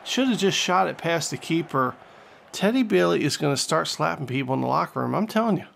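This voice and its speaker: A man giving jokey, excitable play-by-play commentary on a football video game, rising loud when the action heats up. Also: fairly high pitch, fairly quick, gravelly, a little hiss or hum. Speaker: gaming channel host.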